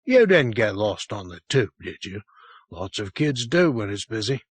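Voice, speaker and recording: A man's voice: fairly low pitch, sing-song, normal speed, husky, no room sound. A man reading an audiobook, playing a big, tired police sergeant who talks with dry, patient teasing.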